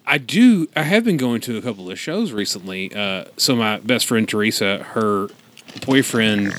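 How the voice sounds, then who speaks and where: A man's voice: on the low side, a bit bright, slight background noise. Man telling stories at the table. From Louisville, Kentucky. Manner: storytelling, acts out quotes. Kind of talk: casual chat.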